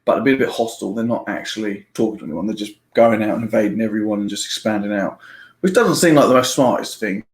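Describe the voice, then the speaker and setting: A man's voice: fairly low pitch, fast talker. A man giving a casual spoiler review of a book, chatty and rambling, laughing often and restarting his sentences. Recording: roomy echo.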